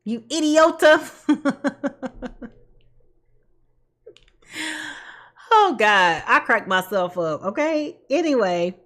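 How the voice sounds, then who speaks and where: Woman, tarot reader, high animated voice, blunt and sassy. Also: takes it slowly, long pauses. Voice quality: sassy, blunt, laughs at her own jokes. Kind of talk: casual tarot reading.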